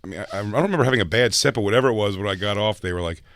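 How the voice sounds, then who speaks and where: A man's voice: on the low side, very fast, fairly bright tone. A man hosting a podcast in casual banter, joking and breaking into mock voices. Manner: jokey, bursts into mock voices. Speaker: podcast host.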